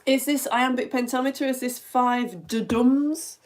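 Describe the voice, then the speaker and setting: A woman's voice: high voice, steady tone, a little slow, darkish tone. A woman teaching a live online lesson for all ages in a chatty, playful way, tapping out rhythms as she talks.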